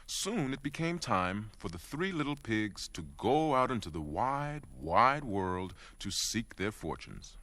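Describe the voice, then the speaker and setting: Expressive man reading a children's story. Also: on the low side, unhurried, hardly any pauses, no echo. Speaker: children's show host.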